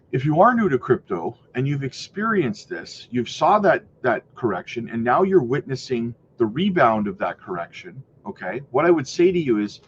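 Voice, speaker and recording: Animated man lecturing viewers, lo-fi sound. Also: medium pitch, slight background noise. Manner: animated, emphatic, rhetorical, repeats "right?". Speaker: crypto channel host. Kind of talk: casual commentary to camera.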